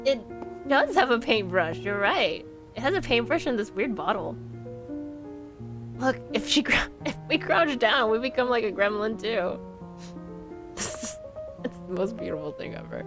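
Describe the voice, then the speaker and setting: A woman's voice: on the high side, sing-song, a little slow, long pauses. A woman streaming a horror game, chatting casually and laughing often as she plays. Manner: chatty, giggly, rambling with many fillers. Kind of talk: casual gameplay commentary. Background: game music.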